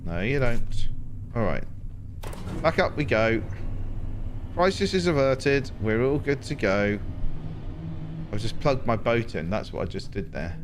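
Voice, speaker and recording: A man, chatting to himself and his viewers while playing a game, with animated exclamations. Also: medium pitch, measured pace, long pauses, noisy background. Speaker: game streamer. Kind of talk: casual gameplay commentary.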